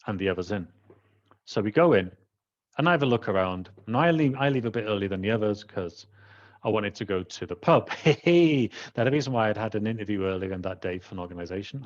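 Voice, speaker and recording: Welsh man telling a personal story. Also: deep voice. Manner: animated, acts out the people he quotes. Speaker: trainer. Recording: dull lo-fi recording.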